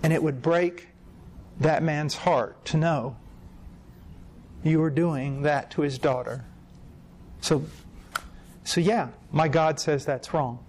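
A middle-aged man preaching in a lecture-style sermon, telling stories emphatically and jumping up in pitch on his key points. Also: takes it slowly, long pauses, darkish tone, a little hiss or hum.

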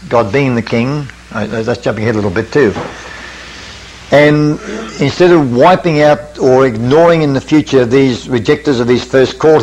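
An older man preaching at a camp meeting, leading a measured Bible study that quotes scripture and puts questions to his listeners. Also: mid-range voice, a little mellow, slight background noise, poor audio. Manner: measured, questioning teacher, quotes scripture in King James wording.

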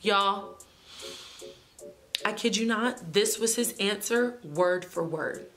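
A young woman vlogger telling a story in casual storytime style, sassy and animated, talking straight to her viewers. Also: mid-range voice, takes it slowly, a little hiss or hum.

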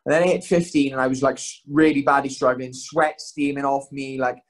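A man's voice: mid-range voice, steady tone, fairly quick. A young man, chatting as a podcast guest, telling rambling, self-mocking stories full of swearing. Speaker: guest, fighter. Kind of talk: casual podcast chat.

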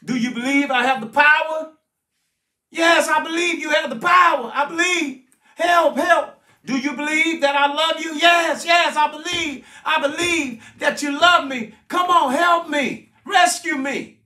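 A desperate man clings to a cliff and shouts for rescue, as a preacher puts him on mid-sermon. His pleading is high and piercing. It rings out in a roomy, echoing space. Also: a little slow, distant mic, full character voice.

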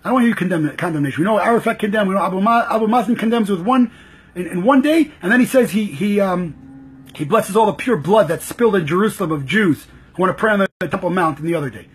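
Husky, high-pitched man in frustrated commentary. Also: animated, quick pace. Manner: frustrated, rhetorical, repeating himself. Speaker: political commentator. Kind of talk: impassioned live commentary.

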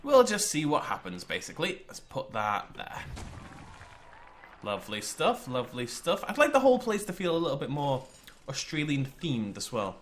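Lively northwest English gamer man. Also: fairly high pitch, normal speed, slight background noise. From northwest England. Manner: chatty, exclaiming, talks to himself while playing. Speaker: gaming channel host. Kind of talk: let's play commentary.

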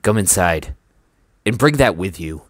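A stout, bearded man with a curt, suspicious bark, his low voice unhurried, as a male reader puts him on. The delivery is dry and close, with no room around it. He snaps out his words in a storybook reading. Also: expressive, dry recording. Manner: curt, snapping.

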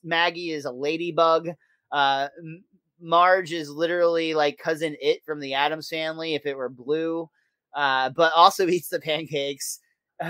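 A man's voice: fairly high pitch, a bit bright, no echo. Laid-back man recapping an episode, dry. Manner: laid-back recapping with frequent fillers and laughs. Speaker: podcast co-host. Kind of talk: casual episode recap chat.

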